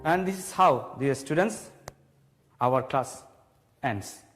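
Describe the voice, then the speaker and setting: Guy teaching grammar on tv, slow and patient, lots of hall reverb. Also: mid-range voice, animated, over music. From Bangladesh. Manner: slow, explanatory, repeats key points. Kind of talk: televised classroom English lesson.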